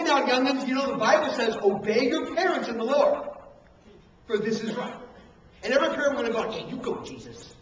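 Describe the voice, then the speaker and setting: Guy preaching a sermon in a big echoey hall, high voice, taped from far back on a camcorder, swings loud then quiet. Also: a little hiss or hum. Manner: animated preaching, acts out parents and coaches, drops to hushed emphasis. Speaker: pastor. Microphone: handheld camcorder from the room. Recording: echoey hall, distant camcorder mic, dull sound.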